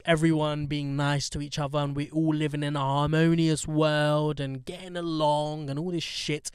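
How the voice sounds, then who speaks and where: A man's voice: on the high side, flat delivery, normal speed, smooth, no echo, clean studio sound. A man hosting a podcast, chatting in a blunt, joking, sweary way with lots of slang. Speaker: podcast host. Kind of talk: casual chat.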